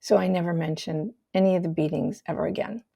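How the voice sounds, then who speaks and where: An older woman hosting a talk show, telling her own childhood story in a candid, measured way and dropping to a soft hush on painful memories. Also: on the low side, steady tone, vocal fry, husky. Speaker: host sharing her story. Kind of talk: personal storytelling, reflective monologue.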